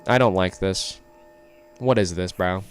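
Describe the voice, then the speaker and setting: A man's voice: sits low, measured pace, faint music behind. A young man hosting a gaming video, giving casual, joking let's-play commentary.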